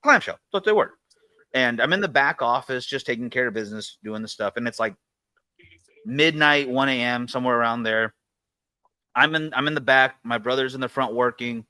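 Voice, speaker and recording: A man hosting a casual podcast chat and telling a story in a relaxed way. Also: medium pitch, a little fast, dry recording. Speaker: podcast host.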